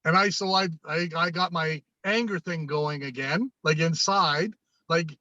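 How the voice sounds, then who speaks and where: With a fairly high, pushed and bright voice, the Canadian man speaks unhurriedly as a podcast guest, telling anecdotes and voicing the dialogue while repeatedly restarting and repeating phrases. He is a sales coach. There's no echo, and the sound is dry, dull and lo-fi.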